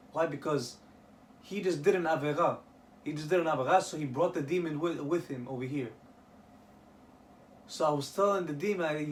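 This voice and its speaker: A man's voice: on the high side, moderate pace, long pauses, a little hiss or hum. A man telling religious stories casually and animatedly, acting out what the people in them say, heard from a distant mic. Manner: animated, acts out the characters' speech. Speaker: storyteller.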